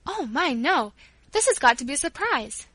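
An excited little girl from a storybook, bright and high, bursting with eager exclamations, as a woman reader puts her on. The sound is close and dry, with no room around it. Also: moderate pace, no room sound, heavily acted.

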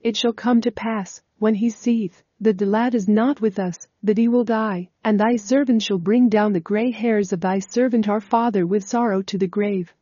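A humble man pleads before a powerful ruler, his words in archaic scriptural phrasing, read by a woman. The tone is mellow and the sound dry and close. The recording is a little dull and lo-fi. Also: medium pitch, fairly even intonation, normal speed, few pauses, no echo, lightly acted. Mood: pleading.

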